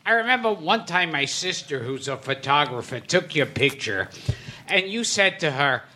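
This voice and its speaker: A man co-hosting a casual interview, asking slow, drawn-out questions. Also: on the high side, animated, pushed and bright, slight background noise. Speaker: podcast co-host.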